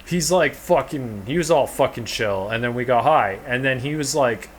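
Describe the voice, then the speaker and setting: A man's voice: mid-range voice, normal speed, a little hiss or hum. A man co-hosting a podcast, telling a long casual story in a rambling, profane, laid-back way. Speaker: podcast co-host.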